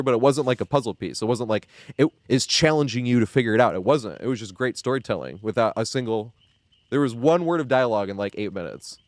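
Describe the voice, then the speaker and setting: A man chatting casually on a live game stream, excitable and profane, laughing often. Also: medium pitch, no room sound.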